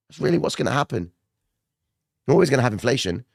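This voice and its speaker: A man doing casual live market commentary who keeps checking in with viewers, his voice rougher than usual. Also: medium pitch, sing-song, quick pace, no echo, clean studio sound. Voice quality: gravelly, not his normal voice. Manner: chatty, addresses viewers directly, frequent "okay?" and "right?".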